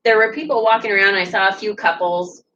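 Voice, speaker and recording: A woman who won a treasure hunt, casually telling how she found it, animated and laughing often. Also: mid-range voice, quick pace, slight background noise. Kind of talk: casual recounting of an adventure. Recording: distant, dull lo-fi sound.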